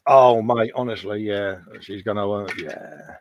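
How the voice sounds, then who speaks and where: A man in his fifties with a somewhat low voice, bantering casually on a live stream. He pokes fun at himself and drops "mate" into every other sentence. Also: steady tone, measured pace, background noise. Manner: self-mocking, jokey, says mate a lot. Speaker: co-host.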